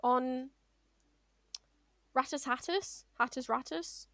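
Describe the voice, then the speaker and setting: A woman's voice: high voice, takes it slowly, fairly bright tone, no echo. A woman streaming a game casually, playfully chatting to the creatures on screen. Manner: playful, chatty, talks to game mobs affectionately.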